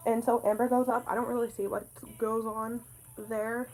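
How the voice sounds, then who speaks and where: A young woman vlogger telling a story in an excited, breathless way, full of "like"s. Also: a little high, moderate pace, low-quality recording. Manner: excited, breathless retelling with many "like"s. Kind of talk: casual storytime.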